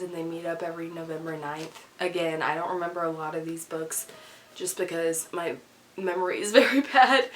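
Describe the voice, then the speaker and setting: A woman's voice: fairly low pitch, a bit bright, a little hiss or hum, low-quality recording. Give me a young woman with a stuffy cold, giggling and rambling through a casual book chat. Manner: rambling, giggly, says like a lot. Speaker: book vlogger. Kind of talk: casual reading wrap-up chat.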